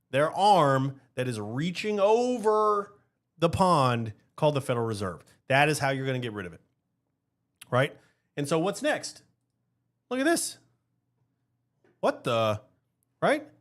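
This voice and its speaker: A male podcast host with a high voice that swings widely up and down. He delivers heated political commentary in a restless, rhetorical way and keeps checking in with the listener. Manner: animated, rhetorical, keeps asking "right?".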